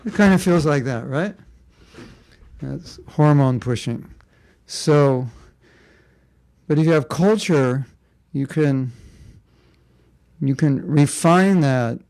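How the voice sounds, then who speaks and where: A man leads a relaxed spiritual class, his voice dark and gravelly. He speaks conversationally, tossing in rhetorical questions and light asides. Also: a little high, slow, pauses often, no echo. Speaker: spiritual teacher.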